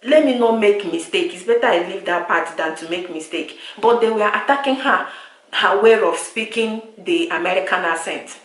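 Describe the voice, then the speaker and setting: Nigerian woman vlogger, frustrated rant to camera, echoey room, mid-pitched voice. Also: moderate pace. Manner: exasperated, repetitive, lapsing into pidgin. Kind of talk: direct-to-camera vlog rant.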